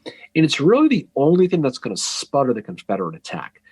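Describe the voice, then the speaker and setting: A man's voice: mid-range voice, huge pitch swings, brisk, a little mellow, breathy edge, no room sound. A man co-hosting a casual history podcast, telling the story with jokes, asides and restarts. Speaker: podcast co-host.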